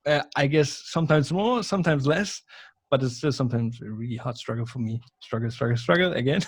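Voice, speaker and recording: A man with a German accent and German as his first language, chatting as a podcast guest, often pausing to search for English words and laughing. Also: medium pitch, husky. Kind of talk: casual chat.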